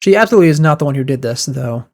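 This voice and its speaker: A man streaming a video game, with excitable reactions while he comments and reads the dialogue aloud. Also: medium pitch, rapid-fire. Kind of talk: let's-play commentary, reading dialogue aloud.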